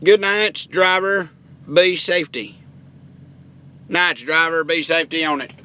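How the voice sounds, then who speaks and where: A man voicing a folksy, gruff and prudish redneck truck-shop owner, who gives blunt deadpan answers with lots of country slang in a lowered, drawling voice. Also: a little slow. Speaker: online video creator answering viewer questions. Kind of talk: comedy character bit.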